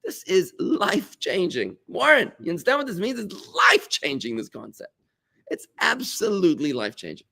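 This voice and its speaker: Animated, bright-voiced rabbi teaching. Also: male voice, moderate pace, gravelly. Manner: animated, with big pitch jumps and exclamations. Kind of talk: lively class talk to a congregation.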